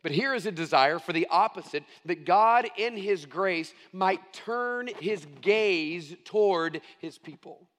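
A middle-aged male pastor preaching a sermon, earnest and emphatic, stressing key phrases slowly. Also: sits high, animated, a bit bright, big-room sound.

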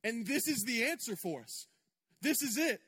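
Male pastor with a high, light voice. Conversational, emphatic sermon delivery, with long reverb from a church hall. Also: lively intonation, normal speed, sharp tone, breathy edge. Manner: conversational and emphatic, with repetitions and asides to the congregation. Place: church sanctuary.

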